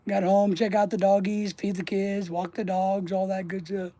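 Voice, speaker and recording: A man with a warm, mellow voice tells a rambling personal story to his channel's viewers, swearing freely and often trailing off mid-sentence. His voice sounds close and dry, with no room around it. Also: high voice, little pitch movement, normal speed, no room sound. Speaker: channel host. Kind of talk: casual livestream storytelling.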